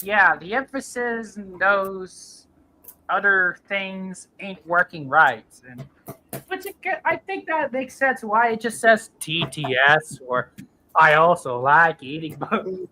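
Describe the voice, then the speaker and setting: Woman host, casual chat, bright tone, slow giggly talk. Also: mid-range voice, sing-song, a little hiss or hum. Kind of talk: casual chat reviewing voices.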